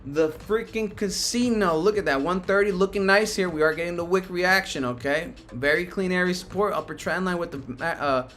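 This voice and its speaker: A man hosting a live stock market stream, talking excitably and with plenty of profanity, swinging between cheering and panic as prices move. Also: high-pitched, a little fast, few pauses, faint music behind. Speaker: stock market livestream host.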